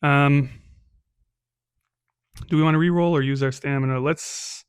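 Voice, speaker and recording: A man's voice: a little high, steady tone, unhurried, clean tone, no echo, clean studio sound. A man narrating a solo tabletop game as game master, casual and chatty, peppering his telling with "right?" and "um".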